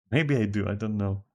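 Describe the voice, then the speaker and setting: A man's voice: fairly low pitch, dark tone, lo-fi sound. A man with a Greek accent chatting casually with viewers while streaming a game from home, rambling and swearing casually. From Greece.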